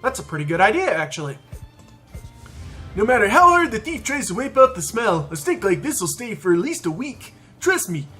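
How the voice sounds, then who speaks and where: A man's voice: high-pitched, animated, fairly quick, bright, forceful tone, faint music behind. A man voicing a chatty, folksy townsman with a put-on old-timey rural drawl. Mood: scheming.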